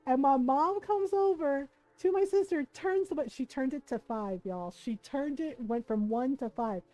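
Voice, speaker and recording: High-voiced woman telling a lively story. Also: unhurried, rough recording. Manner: animated, laughing, acting out family members' lines. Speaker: streamer. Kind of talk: casual storytelling.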